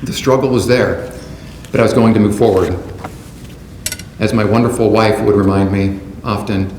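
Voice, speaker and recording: A man delivering a prepared, measured keynote speech to a conference audience in a large hall. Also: lowish voice, fairly even intonation, a little mellow. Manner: measured, deliberate delivery from a script. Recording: roomy hall sound with faint background noise.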